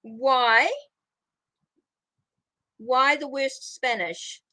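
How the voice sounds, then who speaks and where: Her voice pitched high, bright and pushed, this middle-aged tarot reader draws out her words on a relaxed live stream. She wanders from topic to topic while welcoming viewers and answering what they write.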